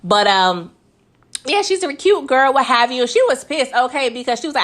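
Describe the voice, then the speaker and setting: A woman's voice: sits high, expressive, moderate pace, fairly bright tone. A woman casually recapping a TV episode in a chatty, slangy way, often tacking on "okay?" and laughing between points. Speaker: TV recap host.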